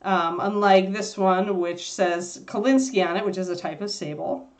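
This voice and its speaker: A woman hosts a casual painting livestream, explaining brush hairs and color choices in a relaxed, rambling way. Her voice sits at an ordinary middle pitch, and her talk comes full of fillers and self-corrections. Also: moderate pace. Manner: chatty, scolds and coos at her puppy between painting tips. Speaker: miniature painting livestream host.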